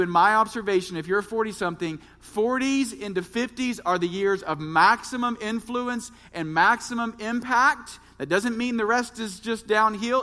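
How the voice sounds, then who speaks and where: A man's voice: high-pitched, bright, forceful tone. A man in his thirties, a pastor preaching a sermon and speaking earnestly and directly to his congregation. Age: 30s. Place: church. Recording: reverberant church hall.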